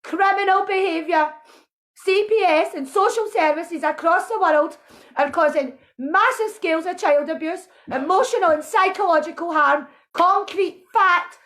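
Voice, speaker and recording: A woman with a very high voice rants with raw emotion. She accuses and pleads in turn, her voice strained with feeling. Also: unhurried, a bit bright. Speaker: protesting mother. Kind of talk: impassioned video rant.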